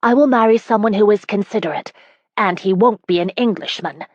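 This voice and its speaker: Speaking briskly and naturally, a woman narrator plays an indignant, spirited young woman in an audiobook. The lines come out sharp and emphatic, higher and louder than her narrating voice, on lo-fi audio with no room sound.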